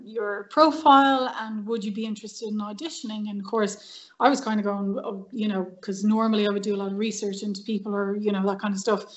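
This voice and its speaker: With a medium-pitched voice and dull-sounding audio, this Irish woman is a podcast guest who works as an actress and violinist. She's a lively storyteller, performing the quoted lines as she chats casually.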